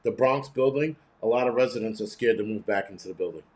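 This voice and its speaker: A man's voice: fairly low pitch, quick pace, darkish tone. A man hosting a casual live commentary, blunt and profane, rambling with many restarts. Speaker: host.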